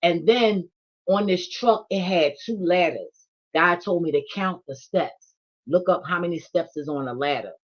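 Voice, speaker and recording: A woman's voice: on the low side, normal speed, lo-fi sound. A woman vlogger, telling a casual monologue full of slang and swearing. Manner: animated, profane storytelling with slang.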